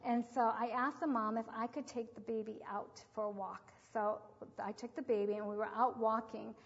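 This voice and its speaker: An older woman teaching about parenting in a devotional talk, telling lively stories with acted quotes. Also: a little high, moderate pace. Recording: dull, echoey hall recording.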